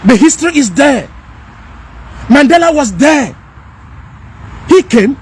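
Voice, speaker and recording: A man's voice: extremely high pitch, lively intonation, slow pace. A man from Nigeria with a Nigerian accent, speaking straight to his viewers in an emphatic, repetitive, angry rant, recorded outdoors. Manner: emphatic, repetitive, rising to anger. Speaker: commentator. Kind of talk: impassioned direct-to-camera rant.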